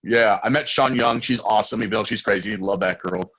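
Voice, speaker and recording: A young man, a guest in a casual interview, telling stories excitedly and acting out quotes loudly. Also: fairly low pitch, a little fast, no room sound, rough recording.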